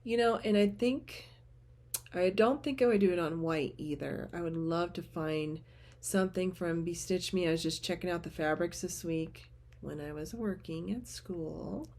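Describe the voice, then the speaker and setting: A woman chatting casually to the camera at home as a vlogger, gushing and often trailing off into soft murmurs. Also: on the low side, normal speed. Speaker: teacher and cross-stitch vlogger.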